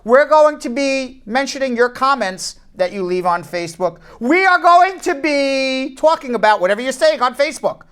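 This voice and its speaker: A woman's voice: high voice, expressive, moderate pace, few pauses, a bit bright, clear, resonant tone. A woman hosting a live immigration law show, joking and repeating her phrases for emphasis, then giving firm legal advice. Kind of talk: live call-in show banter.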